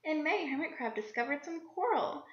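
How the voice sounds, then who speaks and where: A woman reading a children's picture book aloud with lively character voices and little asides to young listeners. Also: high voice, moderate pace, noisy background. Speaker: children's story reader. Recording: lo-fi recording in an echoey room.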